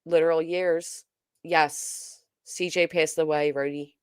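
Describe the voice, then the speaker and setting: A commentary channel host speaks slowly in a low, clear, resonant voice with little pitch movement, recorded cleanly in a studio with no room sound. She chats casually on a livestream, reading viewer comments aloud and answering them hesitantly with frequent ums and uhs.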